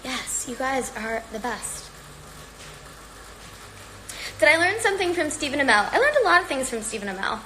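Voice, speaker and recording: A woman's voice: sits high, sing-song, fast, sharp tone, slight background noise, low-quality recording. Chatty woman, slightly out of breath. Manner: chatty, rambling, upbeat. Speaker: livestream host. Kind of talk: casual livestream chat. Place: at home.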